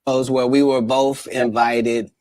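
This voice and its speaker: A comedian telling a story in an interview in a deliberate way. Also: male voice, mid-range voice, little pitch movement, a little mellow, no room sound. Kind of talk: anecdote in an interview.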